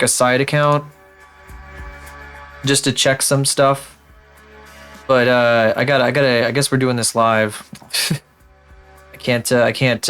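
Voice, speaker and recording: A man talks casually into a desk microphone at his home streaming setup, rambling and self-deprecating as he scolds his own programs. His voice sits at an ordinary middle pitch. Soft music plays faintly underneath. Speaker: live streamer. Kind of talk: casual live-stream chat.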